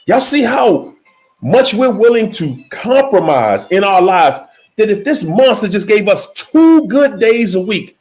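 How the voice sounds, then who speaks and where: A man giving a motivational speech in an emphatic, repetitive preaching cadence, slowing down to stress key words, with faint music behind. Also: high voice, sing-song, darkish tone. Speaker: motivational speaker.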